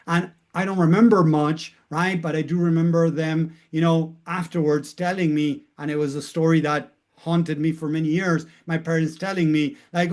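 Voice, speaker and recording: A man's voice: on the high side, flat delivery, moderate pace, few pauses, a little mellow. A middle-aged man, a life coach, telling a personal story in an earnest way and repeating words for emphasis.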